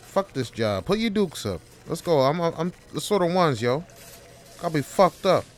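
A man's voice: mid-range voice, expressive, moderate pace, a little hiss or hum, natural voice. Man doing an overworked office clerk at his limit. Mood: furious. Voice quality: pleading, then profane and confrontational. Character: overworked male office clerk who snaps into a street brawler.

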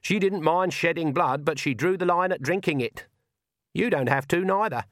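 A stern and shrewd old witch woman, played by a man reading a storybook, talking in a dry, calm, cutting way. Her lines are lifted a little above his plain reading voice, and the recording is close and dry. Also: fairly high pitch, normal speed, no echo, voice pushed up, close to an everyday voice.

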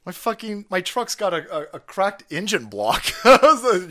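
Man, livestream host, profane rant, animated, high-ish voice, bright tone. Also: normal speed, few pauses. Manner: animated, profane, laughing often. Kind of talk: casual profane ranting.

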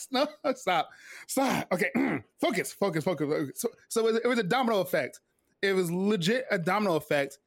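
In a casual interview, a retired Navy veteran in his forties tells a personal story, animated and full of fillers and restarts. He talks fast in a high, gravelly voice, recorded with clean studio sound and no echo.

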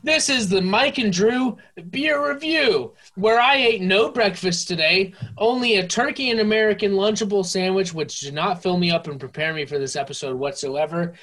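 A young man co-hosting a casual podcast, tipsy and playful, slipping into mock-infomercial pitches. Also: moderate pace, few pauses, fairly bright tone, soft background music. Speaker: podcast co-host. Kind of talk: casual drunk podcast banter.

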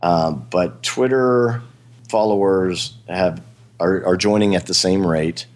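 A man's voice: low voice, slow pace. A man hosting a podcast in a rambling, casual chat, with frequent fillers. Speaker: podcast host.

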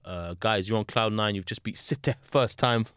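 A man hosting a podcast, talking sport in rapid, slangy, enthusiastic chat. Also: fairly low pitch, a bit bright, clean tone, dry recording, studio quality. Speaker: podcast host.

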